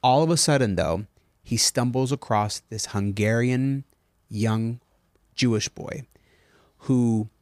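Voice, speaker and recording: A man co-hosting a podcast tells stories with eager enthusiasm in casual chat, drifting into tangents. His middle-pitched voice is darkish and slow, with long pauses. The sound is dry and close, without room echo.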